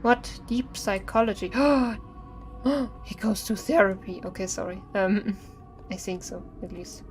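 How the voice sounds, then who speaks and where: A young woman streaming horror games, chatting nervously and singing to herself to stay calm. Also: mid-range voice, slow pace. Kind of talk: live-stream gameplay commentary. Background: faint game music.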